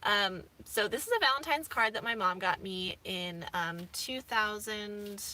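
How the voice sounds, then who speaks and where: A woman's voice: mid-range voice, measured pace, sharp tone, a little hiss or hum. A woman in her thirties, rambling casually with many fillers as a vlogger from inside her camper van. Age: 30s. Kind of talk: casual chat.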